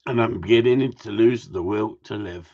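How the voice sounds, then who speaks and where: Husky man joking with viewers. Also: fairly low pitch, moderate pace, darkish tone. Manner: joking, rambling, talks straight to viewers. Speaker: gundog trainer. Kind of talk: casual livestream chat reading viewer comments. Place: outdoors in cold weather. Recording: muffled lo-fi sound.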